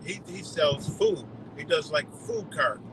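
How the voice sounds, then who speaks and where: A man's voice: a little high, unhurried, background noise. A man on a live stream delivering a heated, profane rant full of rhetorical questions. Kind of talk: ranting monologue.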